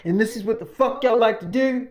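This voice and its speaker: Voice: mid-range voice, a little fast, pitched above the performer's own voice, natural voice. A storyteller voicing a cruel, domineering male survivor leader in an improvised tale, profane and threatening. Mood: scolding. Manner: profane, threatening, barking orders.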